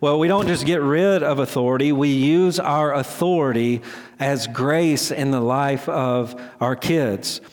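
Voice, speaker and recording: In a measured, mid-range voice, a middle-aged man preaches as a pastor, keeping things chatty and making jokes at his own expense. He restarts his sentences a lot, and the sound has a long hall reverb.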